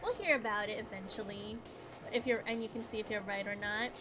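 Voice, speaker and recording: A woman's voice: mid-range voice, fairly quick, background noise. A woman streamer giving casual, gushing, giggly gameplay commentary and chatting with her viewers.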